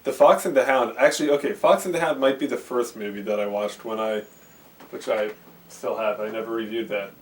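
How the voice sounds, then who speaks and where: A man's voice: lowish voice, brisk. A man vlogging about VHS movies, rambling with lots of fillers and restarts, recorded on a camcorder in his bedroom. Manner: rambling, filler-heavy, self-interrupting. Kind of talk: casual rambling movie talk. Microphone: handheld camcorder mic. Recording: faint hiss from a camcorder.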